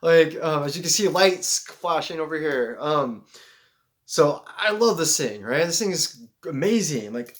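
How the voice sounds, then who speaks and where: Excitable man with a high voice. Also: measured pace. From Seattle, USA. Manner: animated, excitable, swearing, frequent "like". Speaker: vlogger. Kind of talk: rambling spiritual storytelling.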